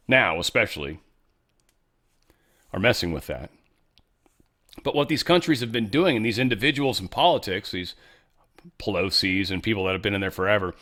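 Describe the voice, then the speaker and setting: A man's voice: on the low side, a bit bright. A man hosting a podcast, talking through the news in a rambling, offhand way and correcting himself as he goes. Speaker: podcast host. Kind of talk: casual political commentary monologue.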